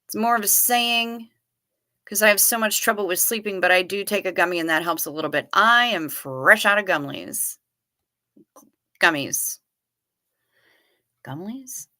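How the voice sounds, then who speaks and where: A woman hosting a relaxed livestream, answering her chat with a wry, chatty delivery. Her voice sits in a middle pitch with a bright, forceful edge. She swears now and then in an easygoing way. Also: normal speed. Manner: chatty and wry, casually profane. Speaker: livestream host reading viewer chat. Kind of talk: casual chat.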